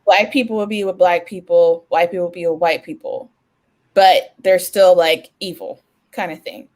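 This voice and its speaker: A woman's voice: fairly low pitch, steady tone, normal speed, a little mellow. A young woman co-hosting a podcast, chatting casually with restarts and frequent laughter. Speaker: podcast co-host.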